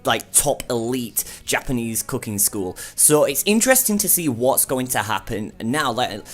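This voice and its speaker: A man's voice: mid-range voice, animated, normal speed, fairly bright tone, soft background music. A young man recapping and reviewing an anime episode in a casual, rambling way, full of fillers. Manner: chatty, rambling, with frequent fillers and "like".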